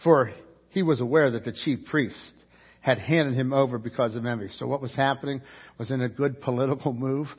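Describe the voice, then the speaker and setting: A man's voice: medium pitch, fairly even intonation, a little fast, breathy edge, dull audio. A man preaching a sermon as pastor, telling the story vividly and acting out the characters' lines.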